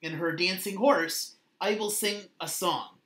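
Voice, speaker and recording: A woman's voice: lowish voice, unhurried, a bit bright. Rose, a bossy young singer, as a woman reads her. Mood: smug. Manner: bossy and smug. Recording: echoey room.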